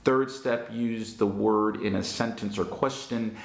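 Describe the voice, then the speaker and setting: A man teaching English, answering viewer questions in a measured, step-by-step way. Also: lowish voice, steady tone, vocal fry, echoey room.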